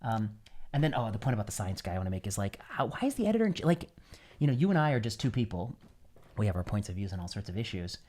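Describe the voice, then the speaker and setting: A man, a physician hosting a podcast, musing in casual chat with halting phrasing and many fillers. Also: fairly low pitch, sing-song, a little mellow.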